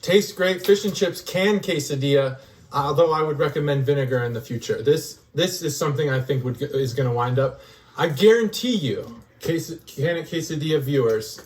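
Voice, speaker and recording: A man's voice: on the high side, moderate pace. A middle-aged man, a dad, casually reviewing food with his kids in an upbeat, joking way. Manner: jokey, upbeat, playful dad humor. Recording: voice picked up from a distance.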